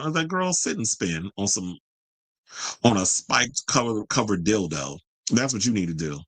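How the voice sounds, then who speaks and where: A man's voice: medium pitch, a bit bright, no echo, rough recording. Guy ranting on his stream, cussing a lot, combative, dry close mic. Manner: profane, combative, talks straight to viewers. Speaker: host. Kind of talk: ranting live-stream commentary.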